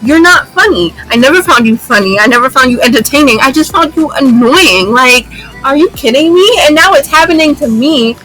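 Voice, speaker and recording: A young woman vents to her viewers in an exasperated vlog rant, often saying a line twice for emphasis. Her voice sits fairly high and sounds bright and sharp, with soft music playing faintly behind her. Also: animated, a little fast, rough recording. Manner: exasperated, repeats lines for emphasis. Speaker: YouTuber.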